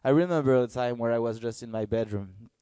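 Earnest halting man preaching. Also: mid-range voice, clear, resonant tone, no echo. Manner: halting, searching for words, earnest; gets excited and loud in bursts. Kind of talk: sermon.

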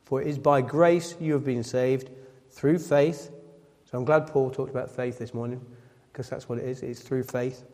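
A man's voice: mid-range voice, steady tone, normal speed, a little mellow. A man preaching a sermon, reading scripture aloud and then explaining it, often repeating his phrases and correcting himself. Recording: long hall reverb.

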